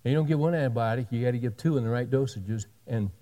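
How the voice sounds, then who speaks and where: A man's voice: medium pitch, dark tone. A man preaching a sermon, telling a story in a conversational way and acting out the back-and-forth of what people said. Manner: conversational, retells dialogue in quick back-and-forth. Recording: long hall reverb.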